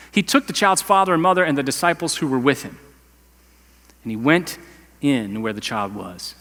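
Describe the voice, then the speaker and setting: A man's voice: on the high side, a bit bright, in a large hall. A male pastor preaching a sermon in a conversational, emphatic way, with casual slang. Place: church sanctuary.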